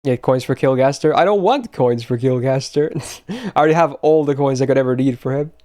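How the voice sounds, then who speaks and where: A man's voice: mid-range voice, a little fast, a little mellow. A young man chatting casually on a live stream, blunt and swearing often as he talks to his chat.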